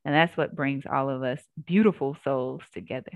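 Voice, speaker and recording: A woman yoga instructor telling her story in a casual interview, earnest and animated, acting out what people said. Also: extremely low pitch, normal speed, no room sound, dull audio.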